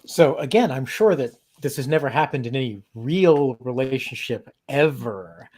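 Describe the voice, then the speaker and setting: Halting, chuckling male host. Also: medium pitch, lively intonation, a little mellow. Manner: halting, lots of ums, self-deprecating laughs. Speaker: podcast host. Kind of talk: casual interview.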